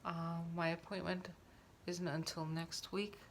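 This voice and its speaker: A woman's voice: fairly low pitch, measured pace, slight background noise. A woman chatting casually through a makeup tutorial at home, talking while she applies it. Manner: chatty, relaxed, talks while applying makeup.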